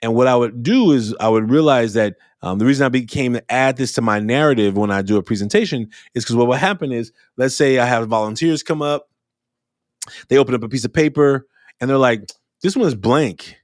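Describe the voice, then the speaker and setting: A man speaking in a casual, animated monologue about running youth workshops. His voice sits at an ordinary middle pitch. The sound is dry and close, with little room around it. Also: a little fast, no room sound. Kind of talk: reflective podcast monologue.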